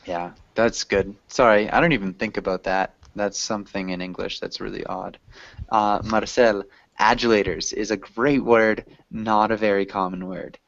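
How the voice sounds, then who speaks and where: A man with a slightly low voice explains grammar to students in a relaxed, rambling way, filling pauses with ums. The sound is dry and somewhat muffled, lo-fi quality. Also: vocal fry, dry recording. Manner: patient, loose and chatty, with many ums. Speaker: English teacher. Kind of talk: explaining in an online class. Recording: dull lo-fi audio.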